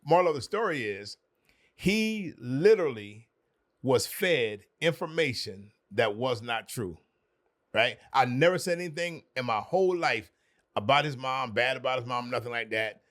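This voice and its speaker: A man's voice: medium pitch, expressive, moderate pace, a bit bright. A man, a podcast guest, telling an earnest personal story with emphatic repetition.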